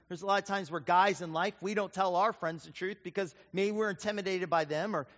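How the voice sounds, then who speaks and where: High-voiced preacher in a reverberant hall. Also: male voice. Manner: storytelling, animated, acts out quoted voices. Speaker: pastor. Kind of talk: sermon. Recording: dull sound with long hall reverb.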